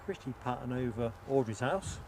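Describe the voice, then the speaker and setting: A man's voice: mid-range voice, animated, normal speed, darkish tone. Chatty man streaming outdoors. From England. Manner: chatty, jokey, reads out chat names. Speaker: livestream host. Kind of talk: casual live-stream chat. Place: outdoors by an airport. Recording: outdoor stream with clear background noise.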